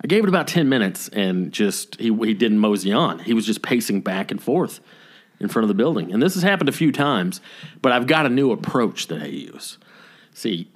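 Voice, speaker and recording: A man's voice: on the low side, normal speed. A middle-aged man, co-host of a podcast, telling a story in casual chat and acting out what people said. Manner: animated storyteller acting out quotes.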